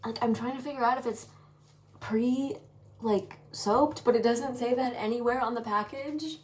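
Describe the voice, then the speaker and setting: A woman's voice: fairly high pitch, normal speed. A young American woman in her twenties, a study abroad student, chatting casually to camera with lots of fillers. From United States. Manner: chatty, full of "like" fillers and laughs. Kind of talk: casual vlog chat. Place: apartment and streets. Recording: noisy handheld vlog audio.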